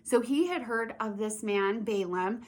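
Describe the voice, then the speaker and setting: Animated woman teaching kids a Bible lesson. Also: a little high, unhurried. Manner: animated storytelling, asks children questions.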